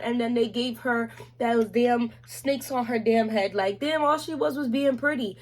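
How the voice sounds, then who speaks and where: A woman chatting casually on camera about beauty products, animated and slangy, with playful asides to viewers. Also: on the high side, a little slow, hardly any pauses. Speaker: beauty vlogger. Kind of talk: casual product review chat.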